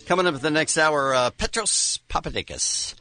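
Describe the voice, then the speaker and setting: A man's voice: on the high side, expressive, moderate pace, bright, forceful tone. A man hosting a morning radio show, giving dry, teasing reactions and station IDs.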